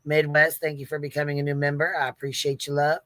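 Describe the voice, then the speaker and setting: A woman's voice: deep voice, level tone, fast talker, fairly bright tone, dry recording. A woman hosting a livestream in casual commentary, brash and profane, often breaking into laughter. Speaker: livestream host.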